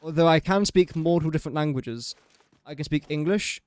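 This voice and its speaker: A man's voice: on the high side, brisk, darkish tone, clean tone, no echo. A young man casually commentating his gameplay on a livestream, chatty and joking at his own expense. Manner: chatty, self-mocking, joking asides. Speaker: gaming livestreamer.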